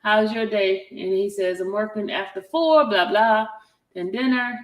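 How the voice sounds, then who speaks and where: A woman's voice: mid-range voice, a little slow. A woman hosting a casual chat, reading out a text exchange and often breaking off with "hold on". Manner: chatty, animated, keeps breaking off with "hold on". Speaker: commentary channel host. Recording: roomy echo.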